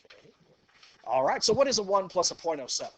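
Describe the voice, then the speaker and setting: A man's voice: high-pitched, sing-song, fast, dry recording. A man's voice sitting a little above the usual range leads a math lesson in a classroom. He walks the students through each step in an easygoing way, filling the gaps with "okay" and "go ahead." He often stops to put a question to the class. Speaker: math teacher. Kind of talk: classroom lecture.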